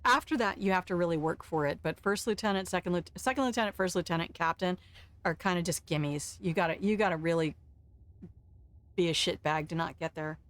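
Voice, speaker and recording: A woman's voice: lowish voice, fairly quick. An older woman streaming a game, giving blunt, frank advice with some swearing. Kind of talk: casual gameplay commentary.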